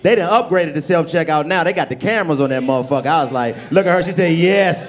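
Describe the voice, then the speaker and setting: Young male comic, fairly high voice, animated stage storyteller with loud bursts. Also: quick pace. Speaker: comedian. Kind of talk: live comedy storytelling. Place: comedy club stage with audience.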